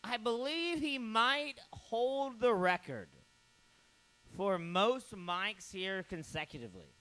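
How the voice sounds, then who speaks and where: A man's voice: high voice, lively intonation, takes it slowly. A man hosting a comedy open mic, tipsy and rowdy, joking and hyping up the crowd between acts. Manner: rowdy, joking, hypes up the crowd, shouts bits. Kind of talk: emceeing a comedy night.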